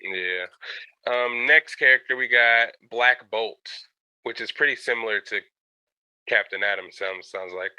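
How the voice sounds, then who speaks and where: A man's voice: mid-range voice, unhurried, sharp tone, clear, resonant tone, low-quality recording. A man co-hosting a podcast, chatting in a laid-back way with short agreeing replies. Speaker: podcast co-host. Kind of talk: casual chat.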